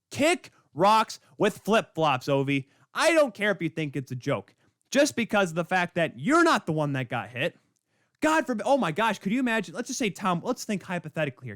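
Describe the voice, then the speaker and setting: A man hosting a podcast, delivering a heated, sarcastic rant with sudden loud spikes and quick muttered asides. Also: a little high, no echo, clean studio sound. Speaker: podcast host. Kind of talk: ranting hockey commentary.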